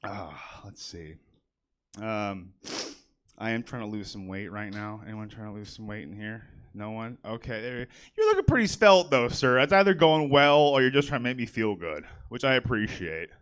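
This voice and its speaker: A man's voice: on the low side, sing-song, normal speed, fairly bright tone, clean tone. A young man performing a stand-up set on a comedy theater stage. He chats with the crowd and talks with lots of fillers and a self-deprecating manner.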